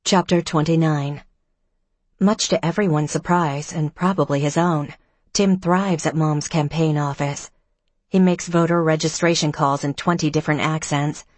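A woman's voice: sits low, steady tone, moderate pace, darkish tone, no echo. A woman narrating a first-person novel as an audiobook, giving each character a slightly raised voice in dialogue.

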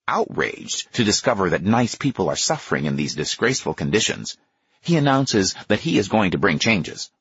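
Husky low-voiced male narrator. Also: no room sound, highs cut off. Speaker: audiobook narrator. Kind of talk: nonfiction audiobook narration.

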